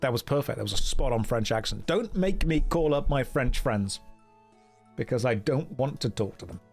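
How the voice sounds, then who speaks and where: A man's voice: medium pitch, animated, normal speed, faint music behind. A man from the UK chatting wryly with his viewers while streaming a game. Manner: wry, joking asides to chat while reading game dialogue. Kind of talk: casual live-stream commentary.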